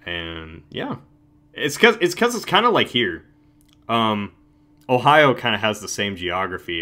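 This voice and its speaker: A man's voice: on the low side, bright, forceful tone. A young man hosting a casual livestream chat, rambling with many restarts and frequent laughs. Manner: rambling, self-interrupting, laughs often. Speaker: channel host.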